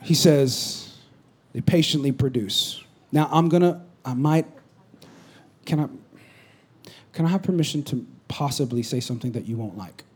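A male pastor with a high, husky voice preaches a casual sermon. He rises to loud calls to the crowd, then drops to soft, joking asides. He is heard from a church stage. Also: normal speed, long pauses. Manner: animated, swings from loud exhortation to quiet asides. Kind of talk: conversational sermon. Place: church stage before a congregation.

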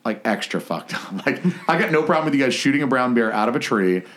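A man's voice: mid-range voice, lively intonation, fast talker, noisy background. A man hosting a podcast, joking crudely and laughing through an off-color chat. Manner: bawdy, laughing, wisecracking. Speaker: podcast host.

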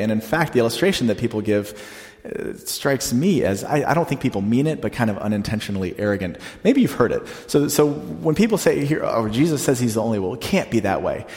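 A man preaching a sermon with a mid-range voice, chatty and direct, leaning hard and slow on the words he wants to stress. The long reverb of a large church hall trails after each phrase. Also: mid-range voice, darkish tone. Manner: conversational preaching, slows down to stress quotes. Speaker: pastor.

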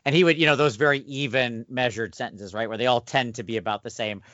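A man co-hosts a podcast as a game master, chatting casually about running tabletop games in a mid-range, somewhat bright voice at a quick pace. He explains things thoughtfully and often restarts his sentences. The recording is dry and dull.

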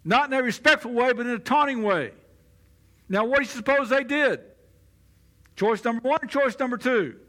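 A man's voice: very high-pitched, normal speed, long pauses, fairly bright tone. A man preaching a sermon in a conversational way, now and then acting out the voices of the people he quotes. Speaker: pastor.

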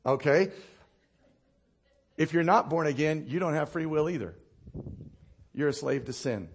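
Preaching a sermon, this male pastor tells animated stories, laughs at his own anecdotes, and asks the congregation to respond. He keeps a measured pace in a slightly rough voice, dropping low and quiet when he lands a point.

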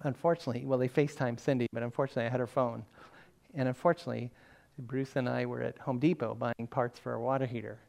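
A man's voice: medium pitch, fairly even intonation, quick pace, gravelly, a little mellow. Older man preaching conversationally. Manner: conversational storytelling, self-deprecating humor. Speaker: pastor. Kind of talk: sermon.

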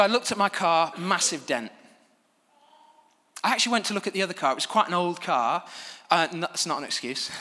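A man preaching from a church stage with a high, bright voice that carries. He tells stories at his own expense in a lively, animated way, and a long reverb from the hall trails behind his words. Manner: animated, self-deprecating storytelling. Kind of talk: sermon.

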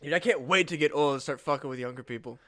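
A man's voice: a little high, very fast, fairly bright tone. A young adult man co-hosting a comedy podcast, bantering casually with lots of swearing and laughter. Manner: profane, laughing, riffing. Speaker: podcast co-host.

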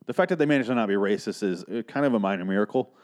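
A man's voice: lowish voice, animated, very fast, darkish tone. A man hosting a podcast, recapping a TV episode in a casual, profane, sarcastic and rambling way. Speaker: podcast host.

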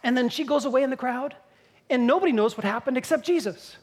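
A woman preaching a sermon, telling Bible stories in a lively way and acting out the quoted lines. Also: high voice, fast talker, slightly rough.

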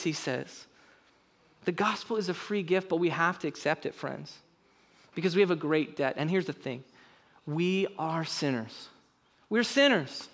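Man, young, high voice, sermon, earnest, conversational preaching. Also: expressive, measured pace, pauses often, a bit bright. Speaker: pastor.

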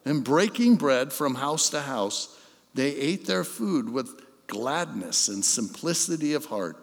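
Slow, reverberant man preaching a sermon. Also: medium pitch, expressive. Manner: storytelling, swells then drops to soft intensity. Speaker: pastor.

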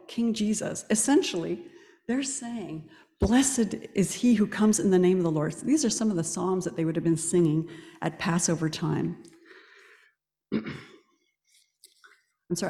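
A woman preaching a sermon in a church, telling the story in a lively way and quizzing the congregation. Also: lowish voice. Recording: echoey church hall.

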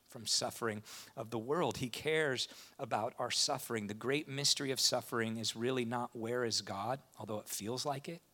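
A man preaching a sermon with impassioned delivery. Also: mid-range voice. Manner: impassioned, rising to animated retellings. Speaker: pastor.

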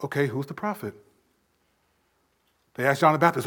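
A man preaching a sermon, his voice sitting a touch higher than most men's. He swells loud on key points, then falls quiet and low to drive them home. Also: moderate pace, pauses often. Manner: preaching with emphatic swells and drops in volume. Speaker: pastor.

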